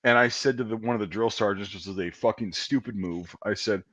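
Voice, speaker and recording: This podcast host's voice is on the low side, fairly quick, and a bit bright as he works through a long, rambling army story. He's casual, profane, and self-deprecating, often laughing at himself. The recording is dry.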